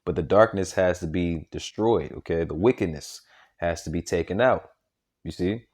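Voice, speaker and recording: A man's voice: low voice, normal speed, darkish tone. A man preaching informally and reading scripture, emphatic and repetitive, tagging lines with "man" and "okay?". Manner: repetitive, restarts sentences often.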